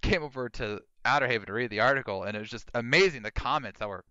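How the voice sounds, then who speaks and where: Bright, crisp-voiced male podcast host. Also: fast talker, no echo, lo-fi sound. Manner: animated storyteller, mimics commenters in high voices. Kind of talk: casual podcast chat.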